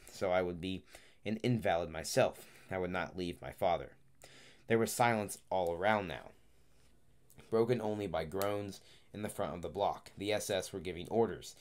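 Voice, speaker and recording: A man reading an audiobook aloud, halting at times and correcting himself mid-phrase. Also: low voice, a little mellow. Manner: halting, frequent restarts and self-corrections. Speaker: audiobook reader. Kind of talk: audiobook narration.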